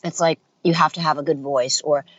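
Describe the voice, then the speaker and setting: A woman's voice: low voice, fairly quick, no echo, highs cut off. A middle-aged woman voice actor and dialect coach telling stories in a casual interview, acting out the voices she quotes. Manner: animated storyteller, acts out quoted voices.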